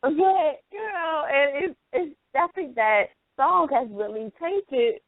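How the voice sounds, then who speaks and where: A woman hosts a casual chat, her pitch swinging widely as she tells stories and laughs often. Her voice comes through a tinny phone line, dry and close. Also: slow, dry recording. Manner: laughs often, animated storytelling. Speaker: host. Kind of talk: casual chat on a call-in show.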